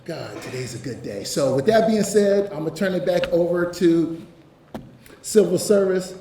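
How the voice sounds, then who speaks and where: A man's voice: sits high, lively intonation, moderate pace, dark tone. A man giving an emotional, earnest speech as fire chief at a ceremony, often saying "you know". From Ohio, United States. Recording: echoey room, distant mic, faint hiss.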